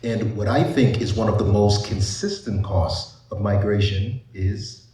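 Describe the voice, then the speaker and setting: Male psychiatrist panelist with a lowish voice. Chatty, rhetorical, recorded from a distance. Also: a little slow, mellow. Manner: conversational, asks rhetorical questions, frequent "you know". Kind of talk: panel presentation to a live audience. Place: large echoey event room. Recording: echoey hall, voice off-mic.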